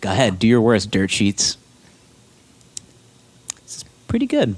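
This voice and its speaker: A man's voice: lowish voice, unhurried, a little hiss or hum. A man co-hosting a casual podcast chat. He jokes around and often corrects himself mid-sentence. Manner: animated, self-correcting, jokey. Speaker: podcast co-host.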